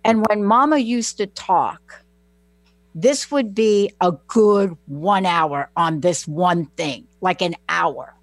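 A woman with a Southern US accent hosting talk radio, rambling warmly through stories and catching herself mid-sentence. Her voice is dry and close on the mic, with no room sound around it. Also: lowish voice, slow, no room sound. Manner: chatty, animated storyteller with self-interruptions. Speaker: radio show host. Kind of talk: casual talk radio monologue. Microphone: studio microphone, close.

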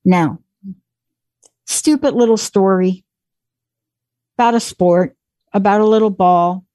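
A woman in her forties, a guest speaker telling an animated, motivational story. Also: mid-range voice, slow pace, no echo. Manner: animated, acts out quoted voices.

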